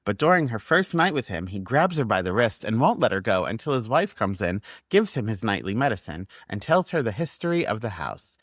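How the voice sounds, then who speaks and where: A man's voice: fairly low pitch, big pitch swings, normal speed, hardly any pauses, fairly bright tone, no echo, clean studio sound. A man co-hosting a podcast, recapping a movie in a crude, sarcastic, joking way. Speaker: podcast co-host.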